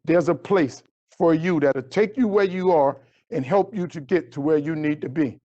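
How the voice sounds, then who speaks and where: Animated storytelling man, high voice. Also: moderate pace, lo-fi sound. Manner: animated storyteller acting out dialogue with big pitch jumps. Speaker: motivational speaker. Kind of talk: storytelling keynote speech.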